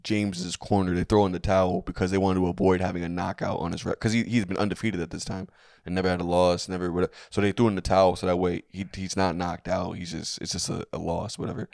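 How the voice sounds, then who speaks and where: A man's voice: deep voice, little pitch movement, quick pace, vocal fry, a little mellow, dry recording, studio quality. A young adult man co-hosting a comedic history podcast, telling the story loosely with restarts and jokey put-on quotes. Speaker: podcast co-host. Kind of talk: casual comedic history chat.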